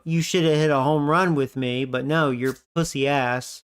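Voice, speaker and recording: A man's voice: fairly high pitch, steady tone, normal speed, smooth, dry recording. A man giving casual, profanity-laced commentary on a baseball video game, grumbling about his team. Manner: profane, grumbling, frustrated asides. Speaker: gaming video creator.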